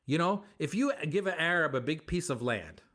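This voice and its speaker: Man, comedian, animated storytelling, acts out dialogue, slightly high voice. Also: brisk. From United States. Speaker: comedian guest. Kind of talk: storytelling interview answer.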